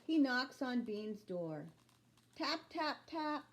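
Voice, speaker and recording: A woman teacher reading a chapter book aloud to children, slow and clear, pausing to ask young listeners questions. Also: sits high, very animated.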